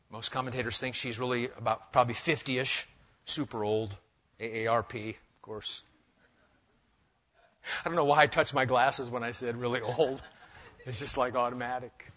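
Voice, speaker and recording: Bright-voiced male preacher, lo-fi sound. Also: mid-range voice, fairly even intonation, normal speed, pauses often. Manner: conversational, joking asides. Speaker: pastor. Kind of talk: expository sermon.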